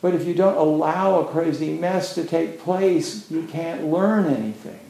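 Gravelly guy doing a loose zen talk, lots of "you know", echoey room. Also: fairly high pitch, a little slow, dark tone. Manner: casual, rambling, many "you know" fillers. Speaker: Zen teacher. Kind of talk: dharma talk. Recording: roomy echo.

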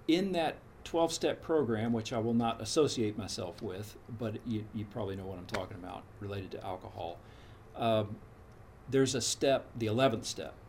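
A man's voice: on the low side, a little hiss or hum. A man in his sixties telling a frank personal story in a casual, meandering, reflective way. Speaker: storyteller recounting his path to meditation.

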